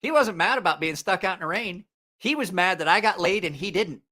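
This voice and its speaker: A man's voice: high-pitched, lively intonation, brisk, sharp tone. A man hosting a live stream, telling a rambling, profane story in a casual way and laughing at his own jokes.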